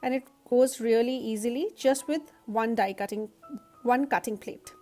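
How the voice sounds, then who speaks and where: A woman with a husky, nasal voice from allergies, explaining a card-making technique step by step in a voice-over tutorial. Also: on the high side, moderate pace, darkish tone, soft background music.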